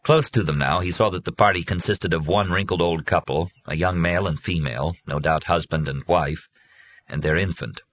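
A man narrating an audiobook in a measured, even reading. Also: low-pitched, no room sound.

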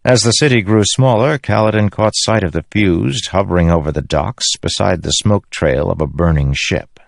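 A man narrating a fantasy audiobook in a steady storytelling manner. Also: deep voice, moderate pace, gravelly, dry recording, clean studio sound. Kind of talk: scripted narration.

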